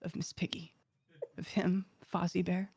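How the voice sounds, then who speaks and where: A woman's voice: on the low side, little pitch movement, measured pace, darkish tone, husky, dry recording. A woman streamer reading fan fiction aloud to friends, narrating with mock seriousness. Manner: reads with mock seriousness, breaking into laughter.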